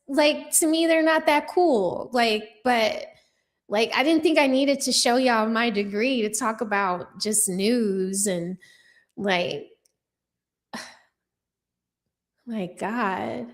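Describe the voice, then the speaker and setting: A woman's voice: on the high side, slow, pauses often. A young adult woman hosting a casual livestream, chatting with viewers in a sassy, profane way with lots of fillers. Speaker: livestream news commentator.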